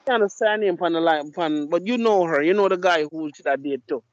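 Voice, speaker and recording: A man's voice: on the high side, fairly quick, dry recording. A man hosting a podcast, telling blunt, profane stories in casual chat. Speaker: podcast host. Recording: dull lo-fi mic.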